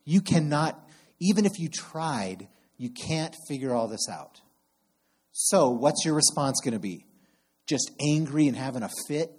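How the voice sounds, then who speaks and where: A middle-aged man preaching a sermon, telling animated personal stories and acting out his exasperated outbursts. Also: fairly high pitch, measured pace, husky. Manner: animated storyteller who acts out exasperated outbursts. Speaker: camp program director preaching.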